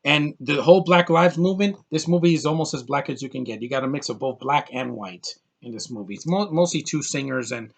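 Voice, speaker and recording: A man's voice: mid-range voice, brisk, creaky, hardly any pauses. A man giving a casual, blunt film review, ranting and exasperated about what he dislikes. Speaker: movie reviewer.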